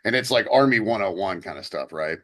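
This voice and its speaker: Low-voiced man chatting loosely. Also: expressive, fairly quick, fairly bright tone. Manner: rambling, many fillers and restarts. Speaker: podcast co-host. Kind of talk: casual chat.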